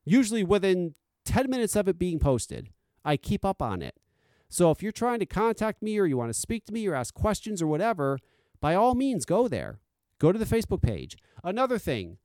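A man hosting a casual solo podcast, blunt and profane, swinging between loud insistence and quiet, confiding asides. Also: high-pitched, very animated, moderate pace, no echo, clean studio sound. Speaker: podcast host.

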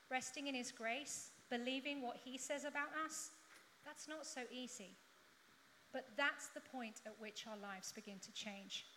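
A woman with a bright, fairly high voice delivers a sermon to a congregation. She talks in a conversational way and drops in humorous asides. The recording carries a long hall echo and a faint background hum. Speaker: preacher.

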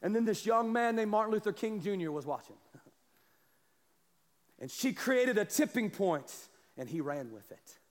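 A high-voiced man preaching in a church, his words trailing off in a long hall echo. He drops to quiet asides, then rises to shouted calls. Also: animated, normal speed. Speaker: pastor. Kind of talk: sermon. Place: church sanctuary. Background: congregation responding.

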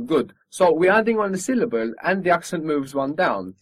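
A man's voice: a little high, big pitch swings, no echo. Patient male language teacher, dry sound. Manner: patient, encouraging, models pronunciation slowly. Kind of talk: spoken language lesson.

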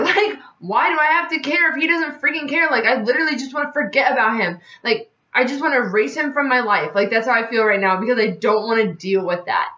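A woman's voice: medium pitch, a bit bright. A young woman hosting a podcast, talking frankly and rambling, upset and close to tears. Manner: rambling and frank, heavy use of "like". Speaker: podcast host. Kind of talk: candid casual vlog talk. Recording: roomy, dull lo-fi sound with faint music.

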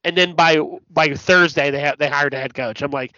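A man co-hosting a podcast, chatting casually about sports, blunt and profane, telling stories with animated asides. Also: on the high side, moderate pace, hardly any pauses, no echo. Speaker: podcast co-host. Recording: dull lo-fi podcast audio, dry.

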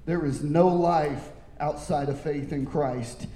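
Male pastor, high mellow voice, slow deliberate sermon delivery, booming church reverb. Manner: preaching with big swings, from shouts down to low quiet lines. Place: church sanctuary. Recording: echoey hall with long reverb.

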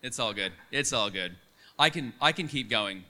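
A young man preaching a sermon, telling stories in an animated, conversational way. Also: medium pitch, normal speed.

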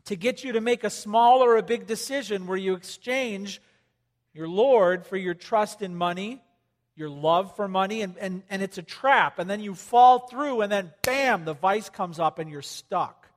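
A man preaching a sermon to a congregation, talking conversationally and animatedly, with sudden loud emphasis and quiet drops. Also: sits high, normal speed. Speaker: pastor. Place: church hall with congregation. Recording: long hall reverb.

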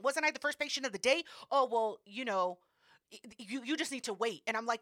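A woman co-hosting a podcast, telling a story in an animated, profane way and acting out what people said. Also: on the high side, fast, no echo, clean studio sound. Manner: animated, profane, acts out quotes. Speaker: podcast co-host. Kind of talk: casual storytelling.

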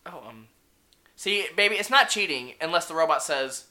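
A woman's voice: low voice, expressive, normal speed, very noisy. A woman co-hosting a podcast, talking crudely and doing impressions, with a slight stutter. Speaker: podcast co-host. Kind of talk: casual podcast banter.

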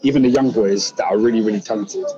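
A man's voice: on the low side, quick pace, muffled recording, background noise. A man talking football in casual banter, heated and emphatic, often repeating himself as he builds his point. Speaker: football podcast panelist.

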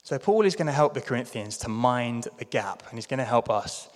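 A man's voice: medium pitch, lively intonation, fairly quick, big-room sound. A man from London with a British accent preaching a sermon in a chatty, self-deprecating way. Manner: chatty, self-deprecating, puts on playful voices for quotes. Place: church hall.

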